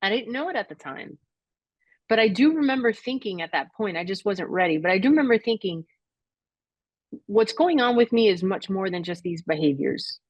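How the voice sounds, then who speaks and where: A middle-aged woman recounts her own story as a podcast guest, speaking slowly and reflectively with halting pauses and moments where she is near tears. The sound is dry and close, with no room echo. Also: mid-range voice, expressive, muffled recording. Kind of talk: emotional personal storytelling.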